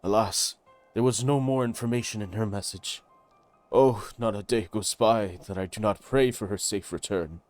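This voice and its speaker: Guy voicing a worried older lord dad, formal and kinda low. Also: moderate pace, faint music behind, close to an everyday voice. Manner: earnest, formal. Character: worried older nobleman father.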